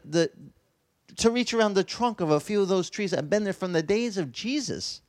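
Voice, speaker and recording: A man preaching a sermon as a pastor, telling stories in an animated way with his voice leaping up in the lively parts. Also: a little fast, no room sound. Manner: animated storytelling, voice leaping high in excited passages.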